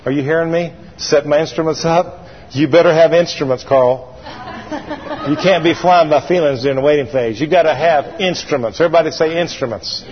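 In a church sanctuary, a man preaches a sermon, telling a story folksily and calling on his congregation to answer him in call-and-response. His voice is fairly high and brisk, and the dull recording carries a long hall reverb.

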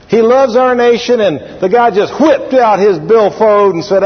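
A man preaching a sermon as pastor, animated and drawling, repeating phrases for emphasis. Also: high-pitched, unhurried, hardly any pauses. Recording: lo-fi recording with long hall reverb.

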